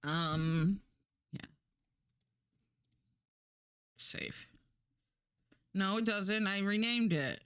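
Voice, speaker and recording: A woman's voice: medium pitch, very slow, fairly bright tone, clear, resonant tone, no room sound, studio quality. A woman streaming live, chatting casually and rambling while she works, laughing often and swearing now and then.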